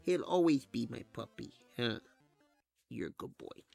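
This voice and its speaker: A doting owner's baby talk for his little dog, put on by a man. It swings wildly in pitch and has a gravelly, breathy edge, all sing-song and coddling. Faint music plays underneath. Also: sing-song, measured pace, darkish tone, heavily acted.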